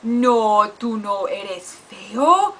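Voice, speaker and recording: A woman voicing a kind dog who gently comforts a sad friend in a soothing, reassuring way. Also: medium pitch, lively intonation, extremely slow, full character voice.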